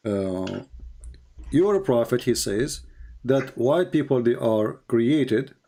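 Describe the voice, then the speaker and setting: A man's voice: medium pitch, expressive, slow, warm tone. Emphatic man arguing in a debate call. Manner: emphatic, questioning, mixes in quoted voices. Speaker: online debate host. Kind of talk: live call-in religious debate.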